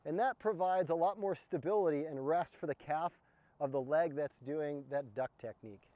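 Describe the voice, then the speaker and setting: A man's voice: fairly high pitch, moderate pace, dark tone, no echo, muffled recording. A man from the United States teaching mountaineering footwork, explaining each step as he demonstrates it on a snow slope. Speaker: mountaineering instructor. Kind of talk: outdoor skills demonstration.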